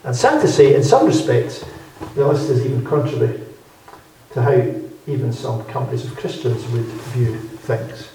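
A man preaching a measured, emphatic Bible-teaching sermon in a hall, repeating key phrases for weight. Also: mid-range voice, sing-song, mellow, slight background noise. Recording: very echoey hall, speaker far from mic.

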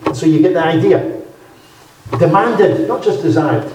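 A man preaching a measured, emphatic Bible-teaching sermon in a hall, repeating key phrases for weight. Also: sits high, darkish tone, slight background noise. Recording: very echoey hall, speaker far from mic.

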